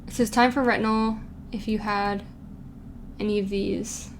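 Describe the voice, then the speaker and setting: A woman's voice: mid-range voice, steady tone, unhurried, background noise. A young woman giving a casual pick-a-card tarot reading, chatty and giggly, reading quotes aloud with playful asides. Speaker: tarot reader.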